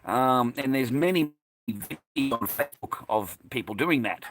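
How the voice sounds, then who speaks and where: A man's voice: mid-range voice, lively intonation, unhurried, fairly bright tone. Profane, agitated Australian man. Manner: profane, agitated, combative storytelling. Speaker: vlogger recounting a personal incident. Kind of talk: casual monologue.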